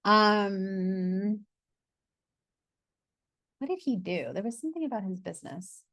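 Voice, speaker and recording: A woman's voice: medium pitch, lively intonation, slow, a bit bright, no echo. A woman leading a money masterclass over a video call, chatting casually, laughing, swearing and losing her train of thought. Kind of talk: casual live online class.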